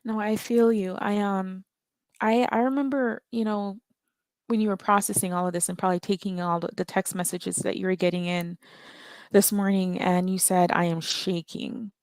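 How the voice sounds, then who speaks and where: A woman's voice: medium pitch, fairly even intonation, moderate pace, a little mellow, no room sound. A woman calling into a live audio chat, talking earnestly and emotionally and repeating her words when stirred. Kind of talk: impassioned call-in talk.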